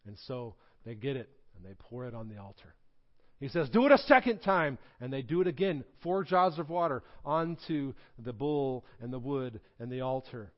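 A man's voice: mid-range voice, expressive, moderate pace, muffled recording. A male pastor preaching a sermon in a church, reading scripture dramatically with humorous asides. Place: church sanctuary.

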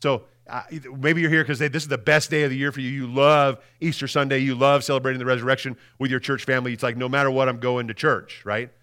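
Animated pastor man preaching. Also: medium pitch, fast, hardly any pauses. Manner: animated, conversational, often repeats words and asks "right?"; swings between loud emphasis and quiet, hushed lines. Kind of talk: Easter Sunday sermon.

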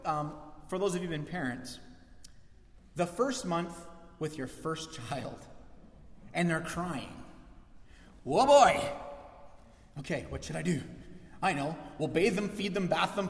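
A man preaching a sermon as pastor, lively and acting out the voices he quotes. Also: sits high. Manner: animated, acts out quoted voices. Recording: echoey church hall.

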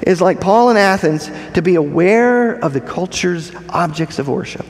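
In a fairly high voice, a male pastor preaches with lively intonation at a moderate pace, hammering and repeating key phrases. He questions the congregation along the way, and the sanctuary adds a long reverb.

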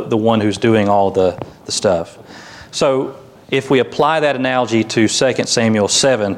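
A man pastor preaching a sermon in a conversational way, with light humor and lively quoted voices. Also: on the low side.

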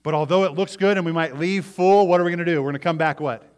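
Animated male preacher retelling a story. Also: a little high, fast, clear, resonant tone. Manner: animated storytelling, acts out quoted voices. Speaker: pastor. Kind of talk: sermon.

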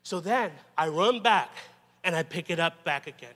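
A man preaching a sermon in a conversational, halting way, often restarting and adding "you know". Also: on the high side, expressive, a bit bright, big-room sound. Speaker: pastor.

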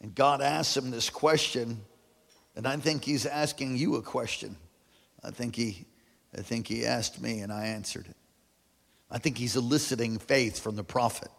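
A man preaching a sermon as pastor, calling on the congregation to repeat after him, moving from hushed lows to shouted peaks. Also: creaky. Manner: call-and-response preaching, swings from hushed to shouting. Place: church sanctuary. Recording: long hall reverb.

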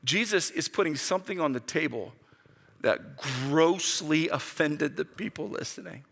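A man's voice: unhurried, gravelly. A man preaching a sermon, talking casually and acting out the quotes with big swings in his voice. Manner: animated, acts out quotes with big pitch jumps. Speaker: pastor. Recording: long hall reverb.

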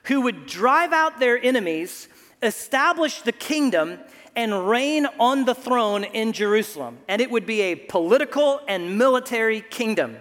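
A male pastor delivers a sermon in an easy, conversational way, often stumbling over the first word of a phrase before pressing on. His voice sits notably high for a man. The sound rings out with the long reverb of a large church sanctuary. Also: animated, moderate pace, fairly bright tone. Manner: conversational, repeats words at starts of phrases.

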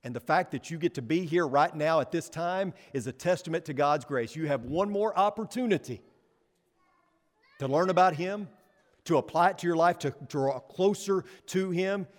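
A man preaching a sermon to a congregation, emphatic, pressing rhetorical questions and swinging between soft and loud. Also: a little high, moderate pace. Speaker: pastor. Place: church sanctuary. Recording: long hall reverb.

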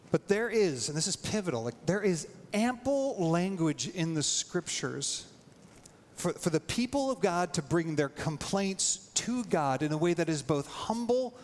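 A man preaching a sermon in a casual, animated way, his voice leaping up when he acts out prayers. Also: big-room sound. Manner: animated, voice jumps high when acting out prayers. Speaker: pastor.

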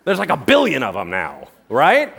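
A male pastor preaching a sermon, telling the story in lively casual slang and often checking in with "right?". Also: mid-range voice, normal speed, gravelly, husky.

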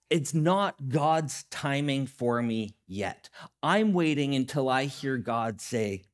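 A man's voice: medium pitch, lively intonation, slow. A man in his thirties preaching a sermon as pastor, in a conversational way, acting out little quotes along the way.

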